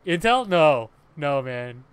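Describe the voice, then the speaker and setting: A man's voice: fairly high pitch, very animated, slow pace, clear, resonant tone, dry recording. A young man, co-hosting a casual podcast chat, laughing often and repeating himself. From Philippines. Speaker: podcast co-host.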